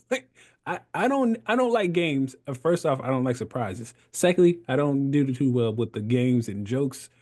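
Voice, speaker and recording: A man's voice: mid-range voice, big pitch swings, normal speed, darkish tone. A man in his thirties, a podcast guest, telling his story in casual conversation, laughing often and acting out the voices he quotes.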